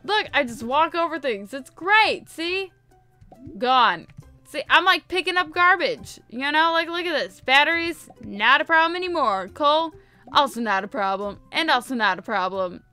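Over soft background music, a woman hosting a let's-play talks to her viewers in a high, sharp voice with lively intonation and normal speed. Her commentary is casual and playful, and she often says things more than once.

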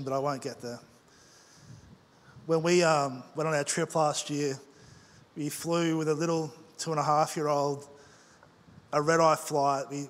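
Pastor preaching in a reverberant hall. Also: male voice, a little high. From Australia. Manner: conversational storytelling with quick asides. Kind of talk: sermon. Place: large church auditorium. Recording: long church hall reverb with faint music.

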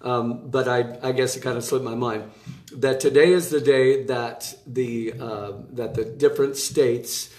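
A man giving a casual devotional talk from a room in his home, chatty and animated, with asides and laughter. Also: mid-range voice, measured pace, echoey room. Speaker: preacher giving an online devotional. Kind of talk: casual preaching to camera.

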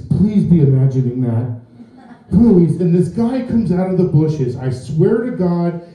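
A man with a slightly high, warm voice does a stand-up set, rambling through stories at his own expense before a live audience. The sound comes from a distance in an echoing club.

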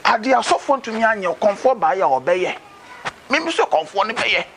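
A Ghanaian-accented man playing a streetwise adviser who persuades a friend, lively and mixing Twi with pidgin English, in a noisy outdoor scene. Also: high voice, normal speed, heavily acted. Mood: persuasive. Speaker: adviser urging a fetish priest.

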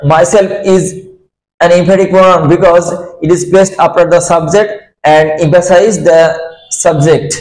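A man with a slightly high voice teaches a grammar lesson at a very slow, deliberate pace. He repeats key points and fills gaps with hesitant "uh" pauses, and the room around him rings with echo. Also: darkish tone. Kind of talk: slow classroom explanation.

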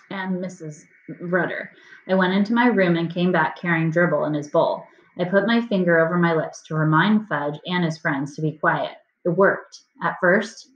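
A woman reads a children's chapter book aloud in a steady storytelling manner. Her voice sits a little low, and the sound is roomy and dull, like a lo-fi home recording. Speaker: reader.

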